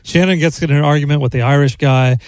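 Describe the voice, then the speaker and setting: An Australian man in his thirties, hosting a podcast, telling a story in casual, profane, animated chat and acting out the quotes. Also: a little high, fast talker, no echo. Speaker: podcast host.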